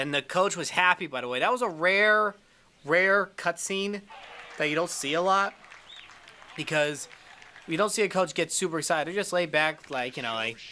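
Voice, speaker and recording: A man narrating his baseball video game session in a casual, rambling way. His voice is bright and sits a bit high, and he gets loud fast when a swing connects. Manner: excitable, shouts at big plays. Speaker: gaming commentator.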